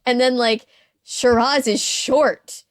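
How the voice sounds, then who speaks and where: A woman hosts a casual podcast chat in a somewhat high voice. She is sarcastic and laughs often, with plenty of fillers and restarts. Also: fairly even intonation, takes it slowly. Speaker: podcast host. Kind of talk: casual chat about a novel.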